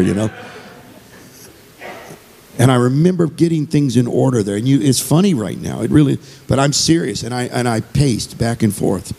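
A man's voice: mid-range voice, animated, normal speed, creaky, mellow, husky. A man giving an earnest, conversational sermon as a visiting speaker and singer, repeating phrases as he goes.

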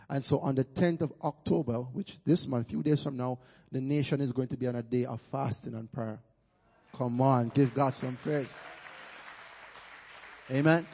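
Jamaican preacher man, gravelly, reverberant hall. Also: mid-range voice, a little mellow. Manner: rousing, calls for amens and praise. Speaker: guest pastor. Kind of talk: sermon. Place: church. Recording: long church-hall reverb.

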